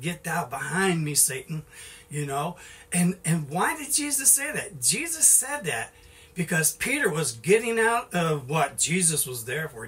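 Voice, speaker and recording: Middle-aged male preacher, folksy, rambling delivery, bright tone, set back from the mic. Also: fairly high pitch, distant mic. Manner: folksy, repeats "you know", restarts often. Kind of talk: informal sermon.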